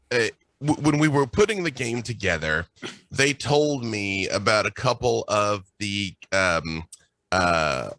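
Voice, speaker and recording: A man chatting as a guest game master, animated and playful, telling stories in quick bursts broken by laughs. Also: on the low side, no room sound. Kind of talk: casual chat, animated storytelling.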